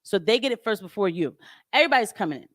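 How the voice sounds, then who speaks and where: A woman's voice: medium pitch, lively intonation, very fast, fairly bright tone, no room sound, studio quality. A young adult woman hosting a casual commentary livestream, blunt and sarcastic, often laughing as she talks. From of Haitian descent. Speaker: show host.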